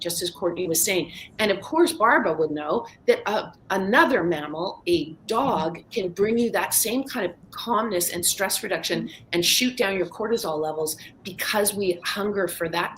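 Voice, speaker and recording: A woman guest on a panel, explaining research with quick, eager energy. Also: medium pitch, slight background noise, low-quality recording. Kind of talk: casual panel discussion.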